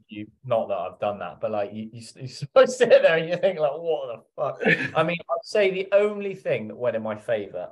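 Swearing, animated male podcast guest. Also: fairly low pitch. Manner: animated storytelling, acting out his own past remarks, heavy swearing. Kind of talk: casual interview chat.

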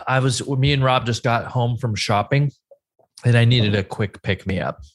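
A man's voice: mid-range voice, measured pace. A man co-hosts a podcast in loose, casual chat. He makes dry remarks and often sighs before he answers. He sounds understated next to the others. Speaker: podcast co-host.

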